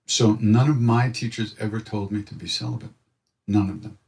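A man telling a reflective personal story, animated and acting out other people's voices in his quotes. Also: lowish voice, moderate pace, vocal fry, far from the mic. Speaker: spiritual storyteller.

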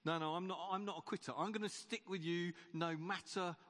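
A man's voice: sits high, fairly even intonation, a little fast, fairly bright tone, big-room sound. A man voicing a panicky male disciple who stammers out denials. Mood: boastful.

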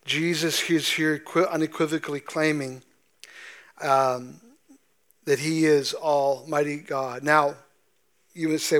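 A man with a notably high voice preaches a sermon, talking the congregation through a text in an easy, conversational way. He often pauses on fillers and restarts his sentences as he explains. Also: steady tone, a bit bright. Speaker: pastor. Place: church sanctuary.

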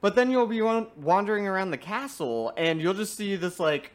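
A young man chatting casually about video games, animated and often breaking into laughter. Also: sits high, normal speed.

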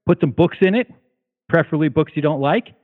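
A man's voice: a little high, fairly quick. A man chatting casually as a guest, rambling with lots of fillers and restarts, a little out of breath. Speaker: guest caller. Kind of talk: casual chat. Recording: tinny phone line.

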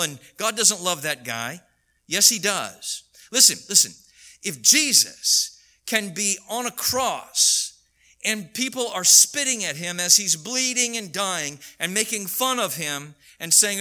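A man's voice: fairly high pitch, pushed and bright. A man preaching a sermon in an earnest, rising and falling delivery, now and then acting out the voices of people he quotes. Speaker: pastor.

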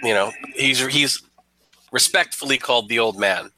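A man's voice: mid-range voice, moderate pace, bright, forceful tone, slight background noise, low-quality recording. A man narrating a tabletop game as game master, rambling with many fillers.

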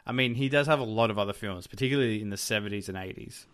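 A man's voice: fairly low pitch, racing, fairly bright tone. Rambling man in casual film chat. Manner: rambling, searching for words with many fillers. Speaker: podcast co-host.

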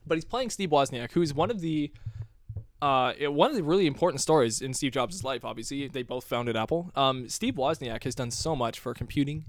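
A man's voice: mid-range voice, expressive, fairly quick, no echo. A man from Vancouver co-hosting a casual movie review chat, joking and rambling with many restarts. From Vancouver, Canada. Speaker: podcast co-host.

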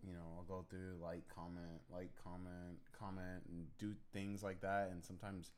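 A man's voice: deep voice, level tone, normal speed. A young man co-hosting a casual chat, hesitant and searching for his words. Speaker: podcast co-host.

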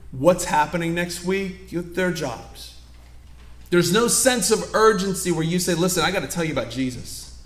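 A man's voice: on the high side, reverberant. A man preaching a sermon, telling stories animatedly and acting out the scenes. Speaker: pastor. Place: church sanctuary.

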